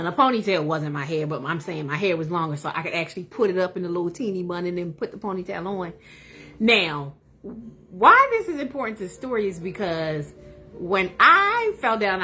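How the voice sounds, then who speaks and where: A woman hosting a livestream, telling a funny personal story in a casual, animated way. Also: mid-range voice, slightly rough. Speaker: livestream host.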